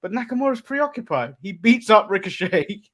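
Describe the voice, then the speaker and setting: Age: adult. Sex: man. Origin: from England. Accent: English. Role: podcast co-host. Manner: step-by-step recap with "uh" pauses and chuckles. Pitch: a bit high. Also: sing-song, fairly bright tone. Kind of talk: casual wrestling recap chat.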